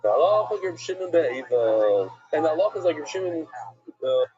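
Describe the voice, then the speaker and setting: Husky middle-aged rabbi teaching casually. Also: male voice, on the high side, brisk, lo-fi sound, soft background music. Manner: animated, chatty, mixes Hebrew and Yiddish terms into English. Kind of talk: casual Talmud class with a personal story.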